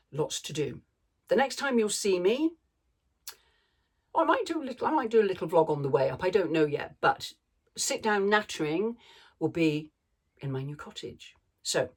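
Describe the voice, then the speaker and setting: A woman's voice: low voice, breathy edge. A woman vlogger telling a rambling story in a chatty way, laughing now and then. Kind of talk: casual storytelling chat.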